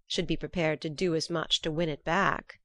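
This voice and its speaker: A woman's voice: low-pitched, fairly even intonation, moderate pace, a bit bright, no room sound, studio quality. A woman voicing a cunning, mocking male trickster god in a storybook reading. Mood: sly. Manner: sly, mocking.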